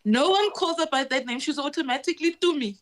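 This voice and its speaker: A woman's voice: high voice, fast. A woman, a guest on a casual chat show, telling stories with frequent laughter. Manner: storytelling, laughs often.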